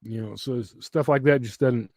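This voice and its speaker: A man's voice: mid-range voice, moderate pace, darkish tone, no room sound, clean studio sound. A man hosting a casual chat, rambling with lots of fillers and teasing his dog in a playful sing-song voice. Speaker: livestream host.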